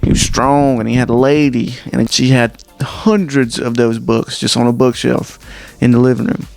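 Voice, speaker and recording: A man performing stand-up comedy, rambling through stories in an incredulous, animated way. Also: mid-range voice, moderate pace, creaky, faint music behind.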